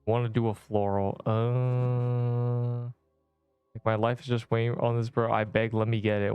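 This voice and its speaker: A man's voice: mid-range voice, little pitch movement, unhurried, darkish tone, smooth, no echo, soft background music. A man streaming a game, chatting casually and rambling in exasperated banter with his viewers, full of slang. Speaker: gaming streamer. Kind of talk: casual livestream chatter while playing.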